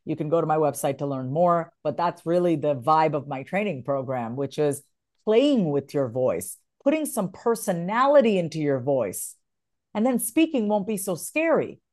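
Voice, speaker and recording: A woman with a somewhat low voice talks in an interview with lively, expressive delivery. She is a voiceover artist and plays with her tone, demonstrating different ways of phrasing things. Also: moderate pace. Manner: animated, acts out example phrasings.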